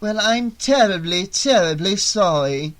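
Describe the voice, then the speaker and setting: A wry teenage babysitter with a sharp, teasing tongue, as a male narrator puts her on. She talks high and light in this storybook reading, dry and mocking. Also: very animated, a little slow, heavily acted. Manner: teasing, sarcastic.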